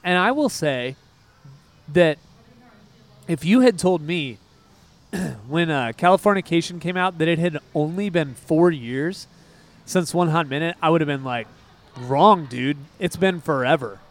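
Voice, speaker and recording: A man co-hosting a music podcast in casual chat. He talks in a rambling, excitable way and drifts off on tangents. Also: on the high side, a little slow, long pauses. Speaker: podcast co-host.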